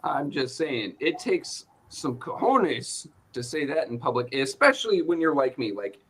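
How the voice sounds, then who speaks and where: A man's voice: mid-range voice, very animated, unhurried, fairly bright tone, breathy edge. A male show host ranting in casual chat, joking and swearing freely.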